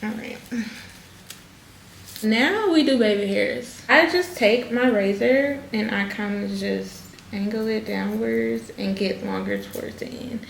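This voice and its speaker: A woman's voice: on the high side, a bit bright. A woman talking viewers through a wig install in a casual, chatty tutorial, calling them "y'all.". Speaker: hairstylist vlogger. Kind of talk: casual tutorial talk to camera. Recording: echoey room with faint noise.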